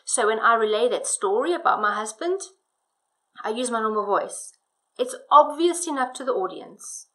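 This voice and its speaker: Woman, storytelling coach, slightly high voice, emphatic instructional delivery. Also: animated, moderate pace, fairly bright tone, rough recording. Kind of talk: instructional talk on public speaking.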